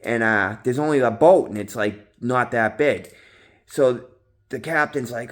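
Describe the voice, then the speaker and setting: A man rambles to his viewers in a loose, unscripted vlog, piling on slang, curses and fillers like "you know" and "man." His voice sits at an ordinary middle pitch, and he jumps loud and high whenever he acts out his own past yelling. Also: measured pace. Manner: rambling, heavy slang and swearing, lots of fillers. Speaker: vlogger in recovery. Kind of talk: casual monologue to camera.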